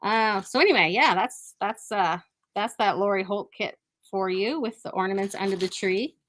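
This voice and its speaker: In a casual live product showcase for a quilt shop, a woman with a mid-range, slightly bright voice talks at normal speed, enthusiastic and often restarting her sentences. There's slight background noise.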